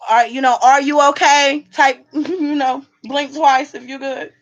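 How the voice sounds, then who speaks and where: A woman hosting a casual livestream while drinking, sassy and animated as she talks back to the chat from home. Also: high-pitched, measured pace, dull audio. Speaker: livestream host.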